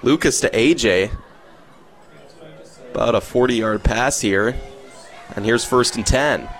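A man doing play-by-play radio commentary of a high school football game from the field, rising to excited calls on big plays. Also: slow, long pauses, a faint crowd. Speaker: play-by-play announcer.

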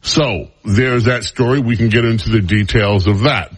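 A man's voice: on the low side, normal speed, husky. A man hosting a talk radio show, speaking in a casual way and teasing his studio crew in wry banter.

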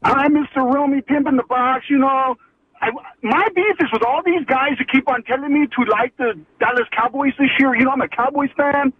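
A man's voice: very high voice, normal speed, husky. A man calling in to a radio show, rambling through his complaint with lots of fillers. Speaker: caller. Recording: tinny phone line.

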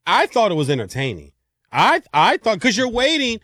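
A man co-hosting a sports talk show, energetic and playful, turning to address the listeners. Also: sits high, normal speed, dry recording.

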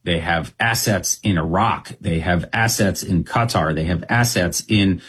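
A man speaking as a guest analyst in an interview, talking quickly and steadily with frequent ums and uhs. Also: deep voice, a bit bright, husky. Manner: fast, measured, with frequent um and uh. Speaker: Middle East analyst guest.

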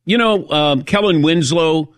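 A man's voice: fairly high pitch, a little slow, fairly bright tone, no room sound, clean studio sound. A middle-aged man hosting a sports talk radio show, telling a self-mocking story in casual chat.

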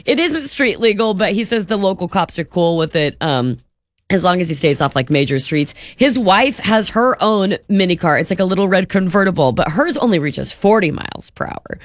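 A woman's voice: on the low side, animated, normal speed, no room sound. Gushing woman radio co-host, dry sound. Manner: enthusiastic, chatty, gushing. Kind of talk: casual morning-show chat.

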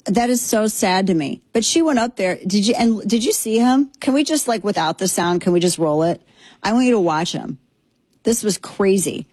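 A woman's voice: mid-range voice, darkish tone, slightly rough, dry recording. A woman hosting a political talk show, delivering a sarcastic, indignant monologue. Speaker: political commentary host.

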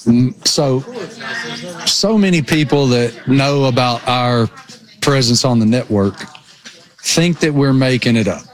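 A man with a rural Appalachian accent, chatting as co-host in an animated, self-mocking way over a remote call. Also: mid-range voice, a little slow. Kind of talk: casual chat. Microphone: remote call over satellite internet.

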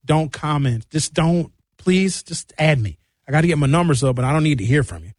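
A man hosting a talk radio show, delivering an animated comic rant from a studio. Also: a little fast, dry recording. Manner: animated rant, mimics callers in higher voices.

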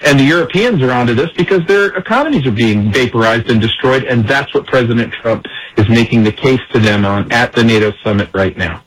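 A man's voice: mid-range voice, brisk, few pauses, husky, rough recording. A man giving emphatic political commentary in an interview, acting out the words of others as he explains. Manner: emphatic, acts out quoted speech.

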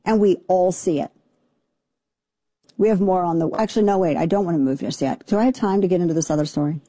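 A woman hosting a talk radio show, ranting sarcastically about the news with quick asides. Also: lowish voice, warm tone, no echo. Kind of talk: opinionated political talk radio.

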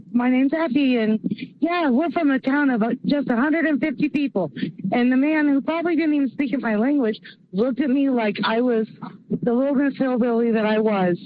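A woman's voice: mid-range voice, lo-fi sound. A woman from Illinois leaving a chatty, rambling voicemail for a radio show, poking fun at herself. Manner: chatty, rambling, self-mocking. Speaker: caller leaving a voice message. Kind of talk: recorded listener voicemail.

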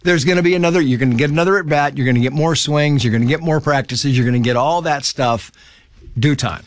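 Animated storytelling man, dry mic. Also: fast talker, no room sound. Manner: animated storyteller who acts out quoted voices in high pitch. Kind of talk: casual conversation.

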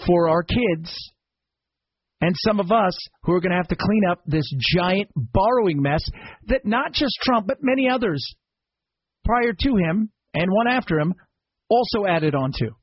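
A man's voice: sits high, expressive, measured pace, slightly rough, dry recording, lo-fi sound. A man from the United States hosting a talk radio show, delivering an exasperated, sarcastic monologue full of rhetorical questions.

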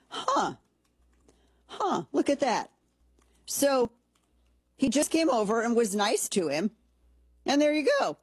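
A woman's voice: mid-range voice, very animated, a little slow, pauses often, darkish tone, husky, dry recording. A woman hosting casual political commentary, talking in an opinionated, conversational way with frequent restarts.

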